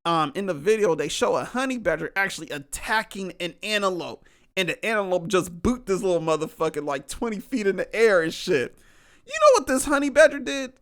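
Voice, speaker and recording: Male podcast host, somewhat high voice with gravelly fry, loose and profane, talks straight to the audience. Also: brisk. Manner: profane, animated, laughing asides, addresses listeners as y'all. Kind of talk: casual solo podcast rant.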